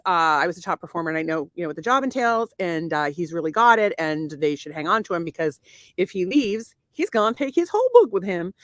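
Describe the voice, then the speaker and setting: Animated woman podcast host. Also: medium pitch, dry recording. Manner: animated storyteller, slips into mock formal voices. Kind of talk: casual chat.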